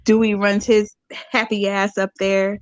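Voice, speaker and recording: A woman's voice: medium pitch, flat delivery, a little slow, dry recording, muffled recording. A woman recapping a horror movie in casual, slangy storytelling, acting out the characters' lines. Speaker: podcast host.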